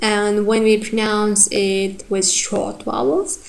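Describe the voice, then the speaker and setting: Female teacher, slow and careful, drilling example words in a phonetics lesson. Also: medium pitch, flat delivery, vocal fry. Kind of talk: lecture on vowel reduction.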